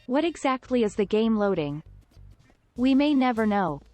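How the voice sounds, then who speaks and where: A woman's voice: on the high side, very animated, moderate pace, darkish tone, no echo, soft background music. Woman narrating a game review. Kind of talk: scripted narration.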